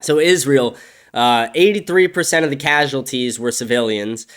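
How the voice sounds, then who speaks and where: Young guy ranting on his own podcast, mid-pitched voice, cussing constantly, gets loud then drops to a mutter. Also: normal speed. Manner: angry, profane, swings between shouting and low muttering. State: agitated. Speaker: podcast host. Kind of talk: solo opinion rant.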